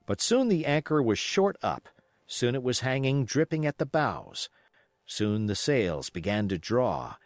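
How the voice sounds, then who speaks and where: Guy narrating an old adventure audiobook, expressive, very dry close sound. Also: mid-range voice, a little slow, no room sound. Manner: expressive storytelling reading.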